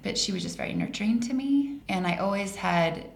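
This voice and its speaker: A woman in her forties from Colorado, telling personal stories as a podcast guest in an animated way that laughs through the telling. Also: mid-range voice, a little fast. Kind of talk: casual storytelling interview. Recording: roomy echo, faint hiss.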